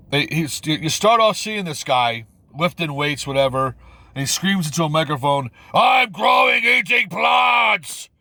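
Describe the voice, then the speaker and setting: A man's voice: a bit bright, no echo. A man ranting about a film on his channel, rambling and repeating himself, stumbling over words, his voice jumping up when he's exasperated. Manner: incredulous, pitch jumps when exasperated. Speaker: video commentator.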